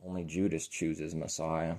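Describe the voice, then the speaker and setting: A man preaching an informal sermon, rambling and earnest, often trailing off quietly. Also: very deep voice, flat delivery, unhurried.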